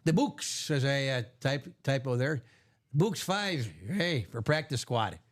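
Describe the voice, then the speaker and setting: A man hosting a live card break stream, upbeat and jokey, reading out names and spots quickly. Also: mid-range voice, animated.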